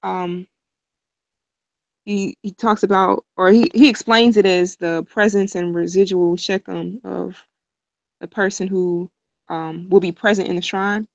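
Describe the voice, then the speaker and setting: A woman in a study group asking a question hesitantly, with many pauses and "um"s. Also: mid-range voice, fairly even intonation, vocal fry, no echo, highs cut off. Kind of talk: asking a question on internet radio.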